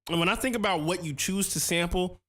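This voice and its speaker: This man's voice is high and fairly bright, and he talks a little fast. In his thirties, he's running a laid-back stream where he reads viewer comments out loud, reviews their beats, and talks slangily about producing music.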